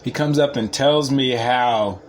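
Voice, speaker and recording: A man's voice: medium pitch, measured pace, slight background noise. Laughing, rambling man telling a story. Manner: swings from mumbling asides to loud boasts. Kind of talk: casual profane storytelling.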